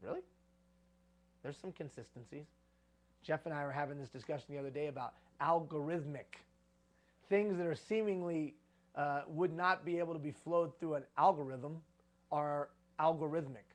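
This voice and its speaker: A man's voice: a little high, fairly even intonation, moderate pace. A man giving a live conference talk on leadership, preaching with repeated phrases for emphasis.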